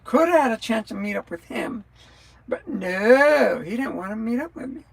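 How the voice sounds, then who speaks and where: A woman's voice: fairly high pitch, lively intonation, moderate pace, creaky, husky, rough recording. A woman chatting casually on a live stream, rambling from thought to thought and answering viewers' comments as she goes. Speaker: livestreamer.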